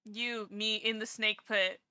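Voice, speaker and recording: A woman's voice: mid-range voice, level tone, takes it slowly, sharp tone, clear, resonant tone, dry recording. A woman streamer chatting casually with her live chat, playful and self-deprecating, teasing viewers and swearing freely. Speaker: livestreamer reading chat.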